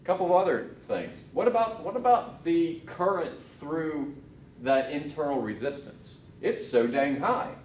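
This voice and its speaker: A man lecturing on circuit theory in a relaxed, offhand way, talking himself through each step. His voice sits back from the microphone in a reverberant room, with a faint hum of ambience underneath. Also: on the high side, a little slow, recorded from a distance. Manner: casual, thinking aloud with restarts and asides. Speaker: engineering lecturer. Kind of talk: recorded technical lecture. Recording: echoey room, off-mic.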